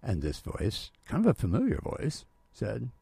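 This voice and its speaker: Older man, gravelly husky voice, lively storyteller, acts out quoted voices, dry studio sound. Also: medium pitch, normal speed, no echo. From Southern California. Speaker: guest storyteller. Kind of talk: radio interview anecdotes.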